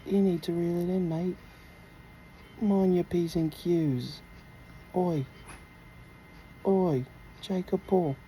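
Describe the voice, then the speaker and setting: A man's voice: sits high, fairly even intonation, takes it slowly, pauses often, a little hiss or hum, poor audio. A man putting on a British accent as a boisterous, slangy pub bloke. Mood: rowdy. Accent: put-on British. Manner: loud, jokey, slangy.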